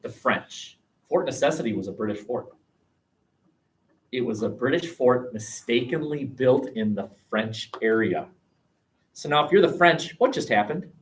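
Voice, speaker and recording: A man teaching a history class, lively and questioning, recorded from across a classroom. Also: medium pitch, unhurried. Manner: animated, asks the class questions, jokes. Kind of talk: classroom lecture. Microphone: webcam across the room. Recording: distant webcam sound.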